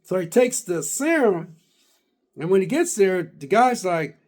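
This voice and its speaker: A gaming vlogger with a somewhat higher voice recaps a game he finally finished, speaking a little slowly. He rambles casually, full of "uh" and "you know," backing up and restarting sentences. He's excited and emphatic about finishing, pushing to get the whole story out.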